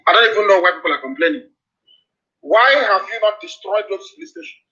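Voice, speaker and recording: A man's voice: sits high, animated, fairly quick. A man giving a fiery live radio address, hammering out repeated warnings. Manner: forceful, repetitive warnings. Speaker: political broadcaster. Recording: dull lo-fi broadcast audio.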